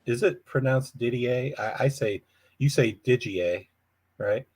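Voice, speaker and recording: A man's voice: mid-range voice, steady tone, a little slow, darkish tone, breathy edge, dry recording. A man hosting a casual live chat from home, rambling and chuckling often. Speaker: livestream host.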